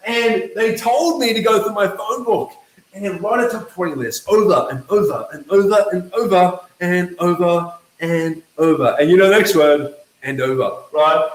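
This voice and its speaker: A man coaching network marketers in a motivational talk to camera, emphatic and lively, always checking in with his listeners. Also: high voice, roomy sound, low-quality recording. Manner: emphatic, keeps checking in with "okay?" and "right?"; lively, acts out quoted voices.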